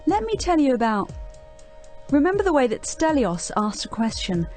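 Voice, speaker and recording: British woman narrating english tips, warm mellow tone, faint music underneath. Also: high voice, sing-song, moderate pace. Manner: clear, instructive. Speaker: presenter reading tips. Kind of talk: scripted educational narration.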